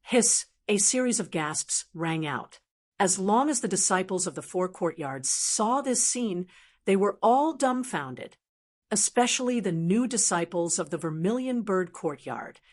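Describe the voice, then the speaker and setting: Woman narrator reading a fantasy audiobook, even steady delivery. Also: mid-range voice, unhurried. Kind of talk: scripted narration.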